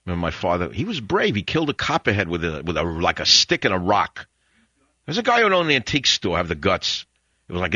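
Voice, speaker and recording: A man's voice: lowish voice, bright, forceful tone, dry recording, dull audio. An older man hosting a radio talk show from a studio, rambling and reflective with wry asides.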